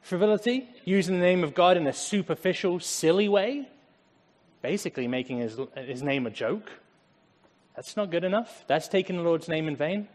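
An English man with an English accent giving a casual, conversational Bible talk, animated and acting out little asides. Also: sits high, moderate pace, long reverb tail. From England. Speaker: Bible teacher.

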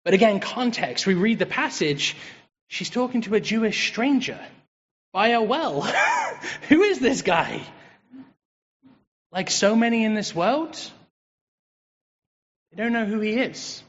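A high-voiced English man preaching in a relaxed, joking way. His voice rings with a long reverb, as if in a church hall. The sound is a bit dull and muffled. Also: unhurried, long pauses. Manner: lively, joking and chatty. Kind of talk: conversational sermon.

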